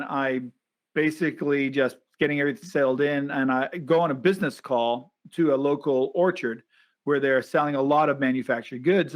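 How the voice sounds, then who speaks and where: A man hosting a podcast, telling a story in casual chat and acting out the voices of the people in it. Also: a little high. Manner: lively storyteller who acts out quoted voices. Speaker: podcast host.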